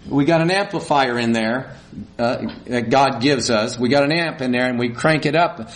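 A man's voice: mid-range voice, moderate pace. A middle-aged male pastor gives a conversational sermon, asks the congregation questions and acts out small quarrels.

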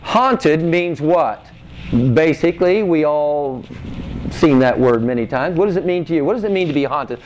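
A man's voice: fairly high pitch, lively intonation, moderate pace, darkish tone, slight background noise, rough recording. A man preaching a conversational sermon to a congregation, reading scripture and asking the room questions. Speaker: pastor.

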